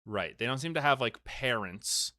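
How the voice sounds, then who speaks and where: A man hosting a podcast, recapping a film in casual, animated chat and getting worked up in a joking way. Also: mid-range voice, normal speed, dry recording, studio quality. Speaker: podcast host.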